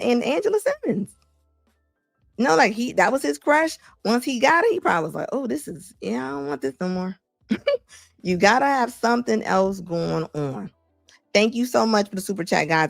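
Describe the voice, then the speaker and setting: Female livestream host with a gravelly voice, recorded dry and close, chatty, reads comments and laughs a lot. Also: medium pitch, dry recording.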